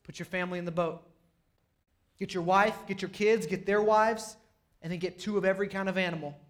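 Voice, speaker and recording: Young male pastor, high voice, energetic conversational preaching. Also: a little fast. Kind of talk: sermon.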